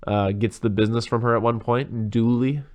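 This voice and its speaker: A man's voice: medium pitch, steady tone, a little fast, a little mellow. A man co-hosting a podcast, chatting casually about films in a rambling way and swearing freely. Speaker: podcast co-host. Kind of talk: casual movie chat.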